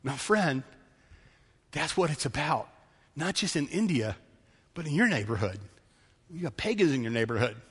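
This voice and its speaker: High bright-voiced pastor preaching. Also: male voice, very animated, normal speed, long pauses, husky, in a large hall. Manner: passionate, swings from loud pleading to quiet storytelling. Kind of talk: sermon.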